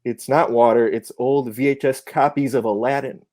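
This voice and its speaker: Mellow-voiced man telling jokes. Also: mid-range voice, steady tone, moderate pace. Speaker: comedy segment guest. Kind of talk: stand-up joke delivery.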